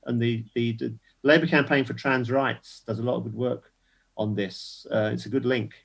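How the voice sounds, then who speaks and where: A man's voice: mid-range voice, fairly even intonation, moderate pace, gravelly. Emphatic older man on a call. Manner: emphatic, indignant, repeats words while building points. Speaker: guest activist. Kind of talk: casual panel discussion.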